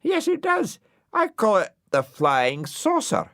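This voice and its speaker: A man voicing an eager, eccentric old male gardener and inventor in a storybook, proud and excitable. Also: high voice, slow, creaky, no echo, studio quality, pitched above the performer's own voice, full character voice.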